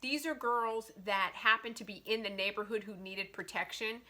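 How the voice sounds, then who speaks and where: A woman's voice: medium pitch, moderate pace. A woman chatting animatedly about a romance novel in a casual book review vlog, with lots of "like" between her thoughts. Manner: chatty and animated, heavy use of "like".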